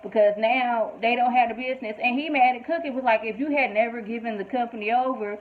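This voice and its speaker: A woman's voice: fairly high pitch, fast. Chatty woman recapping a TV episode. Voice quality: animated, emphatic storytelling with quoted asides. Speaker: TV show reviewer. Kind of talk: casual recap and review. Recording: tinny phone-like audio.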